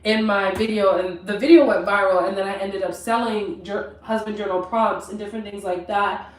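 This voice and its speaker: A young woman telling a personal story on a live stream, chatty and animated, talking straight to her viewers from her kitchen. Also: medium pitch, moderate pace, recorded from a distance. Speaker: vlogger. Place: home kitchen. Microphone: camera mic at a distance. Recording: roomy, from off mic.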